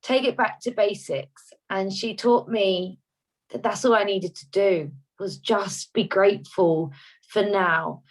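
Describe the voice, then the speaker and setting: A woman talks openly and warmly about her life over a video call, her voice sitting at an ordinary middle pitch. She rambles a little and corrects herself as she goes. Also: steady tone, takes it slowly, poor audio. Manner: heartfelt, rambling, self-correcting. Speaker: guest sharing a personal story. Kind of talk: emotional personal sharing on a video call.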